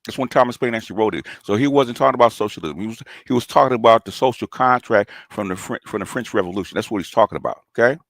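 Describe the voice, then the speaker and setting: A man's voice: lowish voice, fast talker, hardly any pauses, a bit bright, no room sound, clean studio sound. A man, hosting a channel and delivering a combative, taunting call-out rant, often tossing in "okay?". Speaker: commentary channel host.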